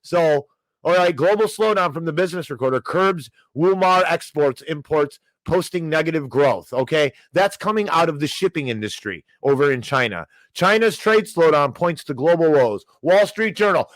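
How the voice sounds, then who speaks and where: A man's voice: on the high side, animated, normal speed, no echo. A man hosting a finance show, ranting heatedly with frequent restarts and apologies. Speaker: podcast host.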